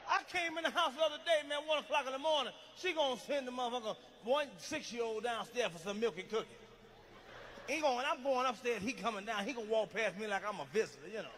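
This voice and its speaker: Bright-voiced man telling a profane story. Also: very high voice, quick pace. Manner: profane, animated storytelling with acted quotes. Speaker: stand-up comedian. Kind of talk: stand-up comedy storytelling. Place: theater stage with audience. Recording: live hall, faint noise.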